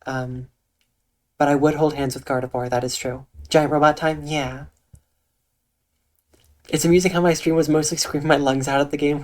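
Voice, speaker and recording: A Twitch streamer chats casually with viewers on a live stream, reading out their comments in a soft, calm, mid-range voice. The diction is eloquent and the delivery dry and deadpan.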